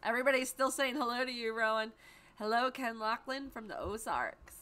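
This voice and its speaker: Woman host, bright, slightly high voice, chatty livestream greeter. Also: expressive, a little fast, a little hiss or hum. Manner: chatty, greets viewers by name. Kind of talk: casual live-stream chat. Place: home.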